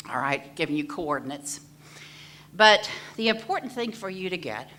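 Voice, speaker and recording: A woman's voice: on the low side, fairly bright tone. A middle-aged woman therapist giving an earnest, direct personal talk to an audience. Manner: earnest, direct, addresses listeners as folks. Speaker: mental health therapist speaking at an event.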